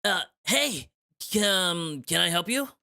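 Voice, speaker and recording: A man's voice: sits high, lively intonation, slow pace, gravelly, bright, forceful tone, voice pushed up, exaggerated voice. A man reading a visual novel aloud and voicing its nervous young adult male protagonist in a raised, eager voice. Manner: eager, slightly flustered delivery.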